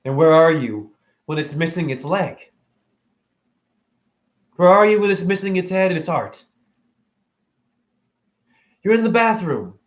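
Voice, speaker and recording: A man holding a rambling, emotional spiritual monologue as host of his own stream, preaching at times and dropping into hushed whispers. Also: on the high side, big pitch swings, measured pace, long pauses. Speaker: livestream host.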